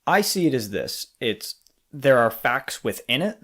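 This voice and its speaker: A man's voice: medium pitch, a little slow. A man co-hosting a podcast in casual chat, talking through his opinions with restarts and the odd swear word. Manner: animated, profane, talks through thoughts with restarts. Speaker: podcast co-host.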